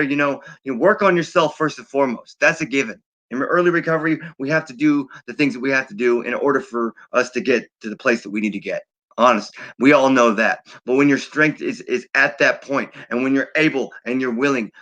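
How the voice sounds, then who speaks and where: Middle-aged man hosting a livestream, bright tone, encouraging, rattling off viewer names. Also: medium pitch. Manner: warm, repetitive, encouraging, reading names off a fast chat feed. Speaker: host of a recovery livestream. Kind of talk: heartfelt livestream sign-off and shout-outs.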